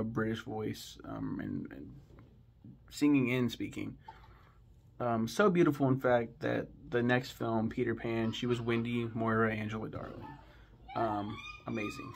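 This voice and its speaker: A man with a medium-pitched voice with vocal fry hosts a casual film commentary from home, with kids nearby and a bit of hiss or hum in the audio. As a movie review host, he rambles and swears freely amid frequent ums, sounding like an eager fan.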